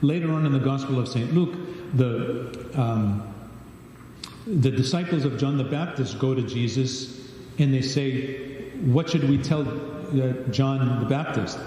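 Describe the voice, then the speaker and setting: A man's voice: medium pitch, measured pace, warm tone, a little hiss or hum. A man leading a Bible study, reading scripture aloud and asking questions of the group. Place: large church hall. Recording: distant echoey church livestream.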